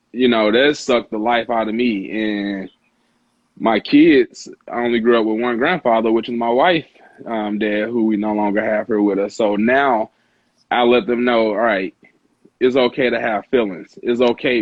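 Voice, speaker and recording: A man's voice: mid-range voice, dry recording. A man in his thirties, co-hosting a casual chat on a video call, earnest and laid-back. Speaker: podcast co-host. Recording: dry, dull lo-fi audio.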